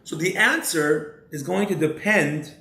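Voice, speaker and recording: A male rabbi giving a measured lecture, posing rhetorical questions to his listeners. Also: a little high, vocal fry, bright, forceful tone. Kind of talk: religious lecture. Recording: roomy echo.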